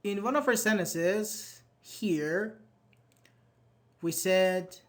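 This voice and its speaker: A man's voice: high-pitched, extremely slow. A man with a slightly raised voice teaches a live online English grammar class. He reads students' chat answers aloud and praises them. He sounds patient and encouraging, speaking into a computer mic.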